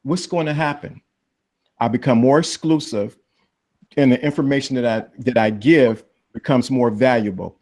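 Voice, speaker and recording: Preachy lecturing man. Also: normal speed. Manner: preachy, lecturing, lively pitch jumps for emphasis. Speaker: livestream panelist. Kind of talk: casual livestream chat.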